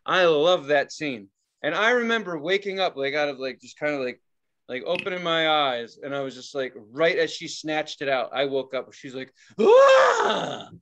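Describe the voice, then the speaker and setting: A man chats casually on a podcast, spinning stories with plenty of laughter and sudden shouted lines. His voice sits a little high and sounds bright. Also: moderate pace. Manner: animated storyteller, laughs and yells quoted lines. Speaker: podcast co-host. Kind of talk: casual chat.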